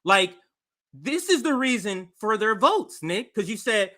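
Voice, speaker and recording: A man with a high, very bright and sharp voice co-hosts a political talk show. He argues emphatically, building analogies and firing rhetorical questions at his partner. His tone stays forceful and pointed. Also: very animated, slow. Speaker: political podcast co-host.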